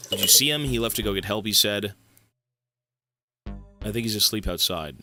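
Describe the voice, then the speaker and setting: A man voicing a young boy who calmly describes teeth growing through his body, reading in a flat, matter-of-fact way. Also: on the low side, moderate pace, faint music behind. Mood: eerie calm.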